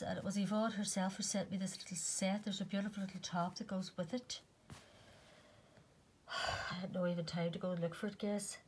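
A middle-aged woman from Northern Ireland with a Northern Irish accent, out of breath, chatting casually to camera and drifting into soft half-whispered asides. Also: mid-range voice, level tone, brisk, long pauses, a little hiss or hum. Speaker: vlogger.

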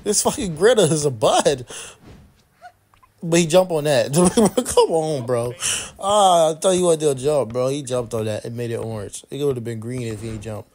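A young streamer with a highish, darkish voice and lively intonation comments at a moderate pace on his basketball game. He swears, repeats himself, and trash-talks teammates throughout the casual play-by-play.

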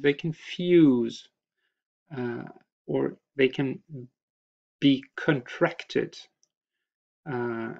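A man lectures on grammar at an unhurried, careful pace, pausing often on fillers as he explains. His voice has a gravelly, creaky texture. The recording sounds dull and lo-fi, like a voice-over laid under slides. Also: medium pitch, a little mellow. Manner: slow, hesitant, many uh and um fillers. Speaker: language teacher.

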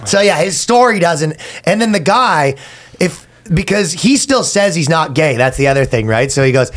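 Man, comedy podcast co-host, casual storytelling, slightly high pitch. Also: moderate pace. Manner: animated storytelling, acts out quotes in high voices.

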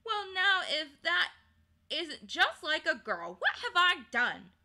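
A woman's voice: on the high side, lively intonation, slow, sharp tone, full character voice. A woman voicing an anxious young English boy in a storybook reading, pleading and exclaiming. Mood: incredulous.

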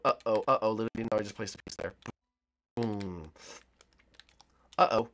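A young man giving excited, teasing play-by-play commentary on a multiplayer game round, talking to players and viewers. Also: fairly low pitch, moderate pace, long pauses. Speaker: gaming YouTuber.

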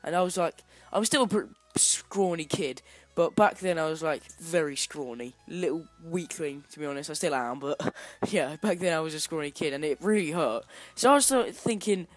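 A man's voice: on the high side, moderate pace, no echo, faint music behind. A man telling a casual, self-deprecating story while commentating over gameplay, with lots of fillers. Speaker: gaming channel commentator.

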